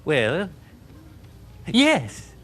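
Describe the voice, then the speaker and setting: A woman putting on the voice of a doting king sending his daughter out to play, with gentle fatherly instructions in a live children's show. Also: low voice, huge pitch swings, extremely slow, pitched below the performer's own voice, full character voice.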